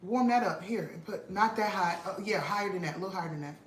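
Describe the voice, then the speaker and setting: A woman vlog host, telling an animated, emphatic story to her viewers and repeating lines for effect, at home in her kitchen. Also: mid-range voice, quick pace. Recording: roomy echo with faint noise.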